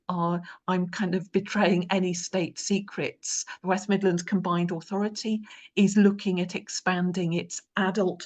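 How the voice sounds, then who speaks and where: A woman chairing a panel discussion, speaking in a hesitant, halting way as she hands questions to the speakers. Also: on the low side.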